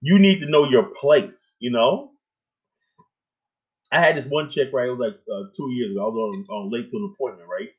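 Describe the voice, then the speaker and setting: A man's voice: medium pitch, a little fast. A man hosting a casual talk show, ranting in a rambling, emphatic way with lots of filler tags and plenty of swearing. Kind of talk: casual profane rant. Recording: tinny phone line.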